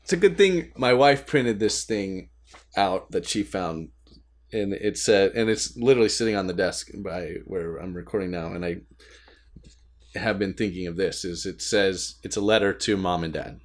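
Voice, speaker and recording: A man with a fairly low voice chats casually on a podcast about being a new father. He talks candidly, cracks jokes at his own expense and breaks into laughter often, with some swearing, from a desk at home. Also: normal speed. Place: home desk, recording remotely.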